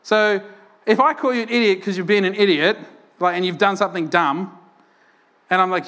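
Guy preaching, high voice, super animated, does voices for quotes. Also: moderate pace. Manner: animated storytelling, acts out quotes loudly. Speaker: pastor. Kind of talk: sermon.

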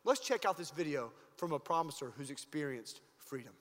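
High-voiced male pastor preaching in a hall. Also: big pitch swings, brisk. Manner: emphatic preaching, swinging between loud highs and low asides. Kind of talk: sermon.

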